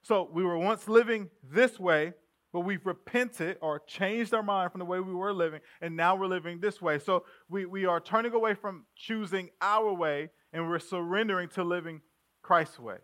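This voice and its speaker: A male pastor preaching a sermon in a relaxed, conversational way, calling the congregation family. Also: high voice, moderate pace. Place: church sanctuary.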